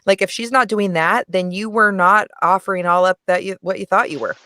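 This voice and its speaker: A woman's voice: medium pitch, a little fast, dry recording, clean studio sound. Frank, laughing woman podcast guest. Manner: frank, animated, laughs often. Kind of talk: casual movie review chat.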